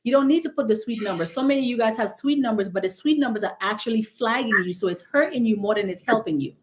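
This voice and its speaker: A woman's voice: a little high, fast talker. Emphatic woman coaching live. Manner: direct, emphatic, repeats points. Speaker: business credit coach hosting a live Q&A. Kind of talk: live stream Q&A.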